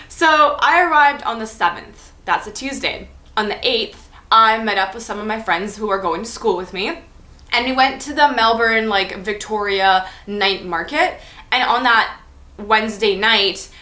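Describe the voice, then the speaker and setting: A woman's voice: fairly high pitch, pushed and bright, reverberant. A young woman telling a story on her vlog in a chatty, enthusiastic way, full of "like". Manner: chatty, enthusiastic, heavy use of "like". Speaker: vlogger. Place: room at home.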